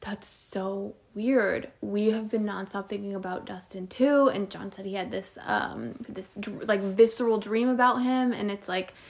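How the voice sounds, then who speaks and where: A young woman co-hosting a casual podcast chat, telling a story with plenty of animation and a steady stream of "like"s. Her pitch sits right in the middle for a woman. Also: unhurried, hardly any pauses. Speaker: podcast co-host.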